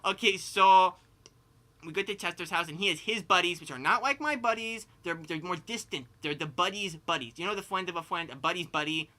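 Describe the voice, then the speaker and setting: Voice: mid-range voice, brisk, sharp tone, close to an everyday voice. A performer voicing a rambling cartoonish pig storyteller who lisps, turns r into w, laughs mid-sentence and keeps saying "like" and "you know" in improvised comedic storytelling. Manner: lisping, turns r into w.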